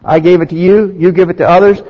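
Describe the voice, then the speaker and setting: A man with a high-pitched voice and fairly even intonation preaches a sermon at a fast clip, posing rhetorical questions and reading scripture aloud with rising emphasis. The sound is dull, with long reverb in a hall.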